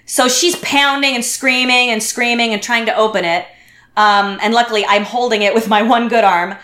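Speaking at a moderate pace, a woman with a higher voice shares a story as a guest on a podcast. The chat is casual and she acts out what people said with animation, all with a roomy echo in the recording.

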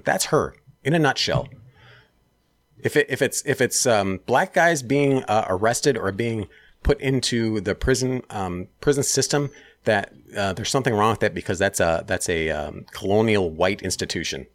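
A man's voice: on the low side, moderate pace, fairly bright tone, no echo. A man ranting heatedly and profanely in a casual chat.

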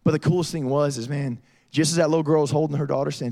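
Here a youth pastor with a gravelly, fairly high voice talks fast while preaching to middle schoolers. He spins lively stories for them, calling them "y'all."

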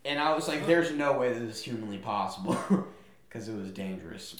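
A young man co-hosting a podcast, telling a story in casual chat and acting out quotes with sudden loud yelps. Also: medium pitch, expressive, brisk. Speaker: podcast co-host. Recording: echoey room.

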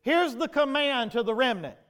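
A man preaching a sermon in a notably high voice. He keeps putting questions to his listeners and swings from low, quiet stretches up to loud, emphatic ones. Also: animated, normal speed. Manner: preaching with rhetorical questions to the congregation, rising to shouts. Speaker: pastor.

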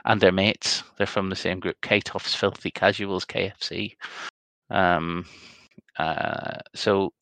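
A man's voice: low voice, steady tone, slow pace, fairly bright tone, no echo. A man co-hosting a podcast, chatting casually and rambling through results with many ums. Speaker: podcast co-host. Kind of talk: casual chat.

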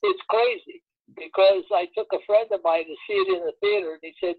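A man's voice: high-pitched, brisk, slightly rough, no echo. A man casually telling anecdotes about his years as a record promotion man, acting out the voices of people in his stories. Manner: animated storyteller acting out quoted voices. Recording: dull lo-fi dry recording.

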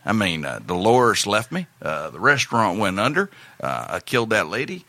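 A man putting on the voice of an older uncle, who speaks in a blunt, matter-of-fact way with a flat, low mumbling drawl. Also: moderate pace, dry recording, exaggerated voice. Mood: grumbling.

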